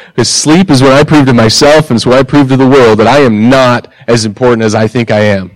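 A male pastor delivers a conversational sermon, leaning on rhetorical questions and deliberate pauses. His voice sits at an ordinary middle pitch. The sound is close and dry, with no room echo.

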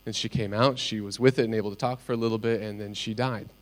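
A middle-aged man preaching a sermon, speaking earnestly and telling personal stories with pauses. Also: fairly low pitch, steady tone. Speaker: pastor.

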